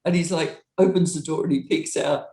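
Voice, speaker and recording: A woman's voice: a little fast, reverberant. A middle-aged woman, a former touring roadie, telling a story in an interview, acting out the dialogue and laughing as she goes. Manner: lively, acts out quoted dialogue with big pitch jumps.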